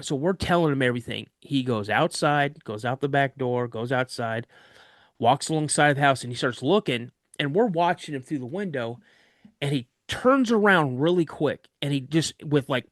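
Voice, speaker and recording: A man's voice: mid-range voice, fairly bright tone, no echo, studio quality. Man telling a suspenseful true story. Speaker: podcast guest. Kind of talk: recounting a scary true story.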